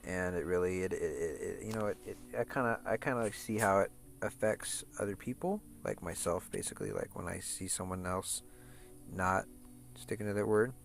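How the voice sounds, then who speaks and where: A man's voice: sits low, moderate pace, vocal fry, faint music behind. A man streaming a game, talking in a profane, rambling rant full of restarts and repeated words. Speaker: gaming streamer. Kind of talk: casual chat over gameplay.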